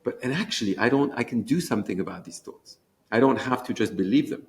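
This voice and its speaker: A man's voice: medium pitch, lively intonation, fast talker. A man who created a children's feelings program, talking eagerly in a conference interview and restarting his sentences as he goes.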